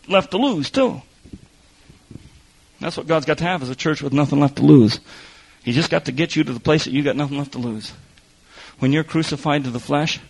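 A man preaching a sermon, swinging between loud emphasis and hushed asides. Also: medium pitch, breathy edge, rough recording.

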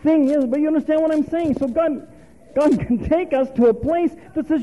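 A man's voice: very high voice, brisk, dark tone, low-quality recording. A male preacher giving a folksy, conversational sermon, quizzing the congregation and chuckling often.

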